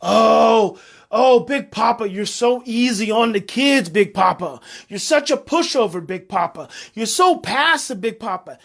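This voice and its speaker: Guy putting on a singsong teasing critic poking fun at a soft dad. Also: very high voice, lively intonation, unhurried, creaky, exaggerated voice. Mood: mocking.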